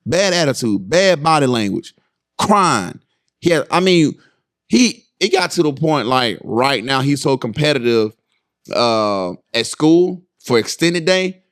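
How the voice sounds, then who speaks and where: On his laid-back parenting podcast, a thirtysomething dad shares lively family tales, regularly addresses his audience, and imitates his boys with sharp pitch jumps. His pace is measured.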